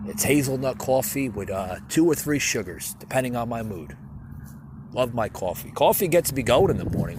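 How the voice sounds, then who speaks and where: A man's voice: mid-range voice, a little hiss or hum. A man hosting his own podcast, ranting solo with a rambling, stammering delivery and mocking asides. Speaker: podcast host. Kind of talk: solo political rant podcast.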